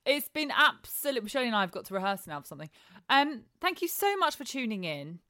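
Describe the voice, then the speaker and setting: A woman's voice: a little high, big pitch swings, brisk, sharp tone, no echo, studio quality. Chatty woman podcast co-host. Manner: chatty, frank, jokey. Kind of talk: casual chat.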